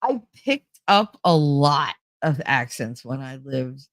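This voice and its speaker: A woman's voice: rumbling low, sing-song, slow pace, no room sound, clean studio sound. A middle-aged woman from New Jersey with a New Jersey accent, chatting casually with her live chat, laughing often and swearing freely. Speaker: streamer reading chat.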